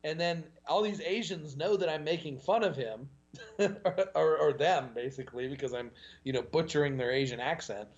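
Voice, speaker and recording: A man talking as a podcast guest, in a casual, animated storytelling way. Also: normal speed, lo-fi sound. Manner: animated storytelling with pitch jumps and laughs.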